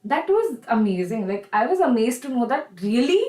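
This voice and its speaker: A woman's voice: on the high side, big pitch swings, normal speed, warm tone, roomy sound, low-quality recording. A young woman with an Indian English accent, teaching a live online chemistry class in a chatty, encouraging way. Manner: chatty and encouraging, addresses students as "bacha".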